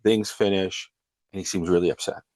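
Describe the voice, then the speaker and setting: A man with a low-pitched voice hosts his show, earnestly retelling a counseling client's story in a steady, conversational way. His voice sits close and dry, with no room sound around it. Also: moderate pace, no room sound. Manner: earnest storytelling, frequently breaking into quoted dialogue.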